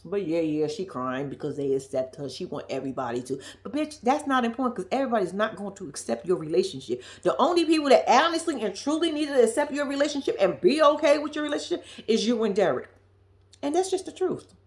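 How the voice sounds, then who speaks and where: A woman's voice: mid-range voice, expressive, fast, few pauses, a little mellow. Woman ranting about a reality show episode, swears a lot, voice bouncing all over the place. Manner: blunt, profane and emphatic, repeats lines for effect. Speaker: reality TV recap commentator. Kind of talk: casual reaction commentary.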